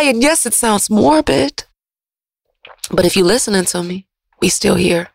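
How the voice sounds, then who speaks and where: A woman radio host, giving an emotional, preachy motivational monologue that swings from loud to soft. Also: mid-range voice, expressive, a little slow, vocal fry, pauses often, dry recording, studio quality.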